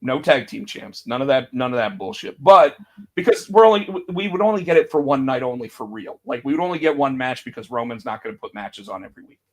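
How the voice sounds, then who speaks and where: A man co-hosting a podcast, chatting casually about wrestling and acting out quotes with big jumps in his voice. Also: fast. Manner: animated, acts out quotes with big pitch jumps. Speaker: podcast co-host.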